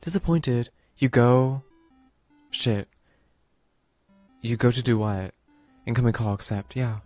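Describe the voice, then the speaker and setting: A man's voice: medium pitch, takes it slowly, warm tone, dry recording. A male game streamer talks in a rambling, playful way, full of filler words, and reads on-screen game text aloud in an average voice. The mic is close, the room sounds dry, and faint game music plays underneath. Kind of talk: casual play-through commentary, reading game text aloud.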